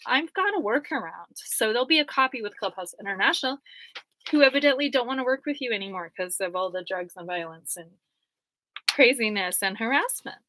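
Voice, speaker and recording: A woman's voice: fairly high pitch, bright, forceful tone, no echo, rough recording. A woman rambling casually over her court papers, chatty, laughing often and full of "like" fillers. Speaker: vlogger going through court papers.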